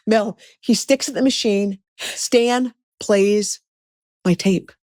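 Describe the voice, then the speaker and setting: A middle-aged woman from the United States, a guest telling a story in conversation, animated and acting out the people in it. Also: medium pitch, takes it slowly, no echo, studio quality.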